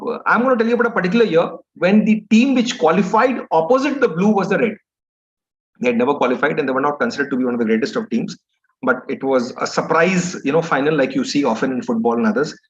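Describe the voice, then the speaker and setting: A man with an Indian English accent giving a motivational talk, telling an anecdote in a rambling, conversational way. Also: high voice. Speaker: motivational speaker. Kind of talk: storytelling lecture. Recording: dull lo-fi recording.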